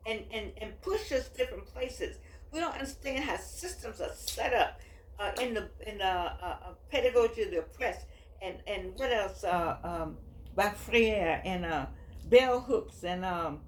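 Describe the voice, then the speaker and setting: A woman in her eighties talking in a casual, rambling monologue, emphatic and full of restarts as she reflects. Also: mid-range voice. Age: 80s. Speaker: author and vlogger. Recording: echoey room with faint background noise.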